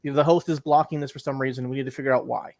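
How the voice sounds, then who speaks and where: A man's voice: medium pitch, fairly even intonation, very fast, darkish tone. A young man co-hosting a podcast, ranting with exasperation and swearing, acting out his calls to tech support. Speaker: podcast co-host. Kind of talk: casual chat.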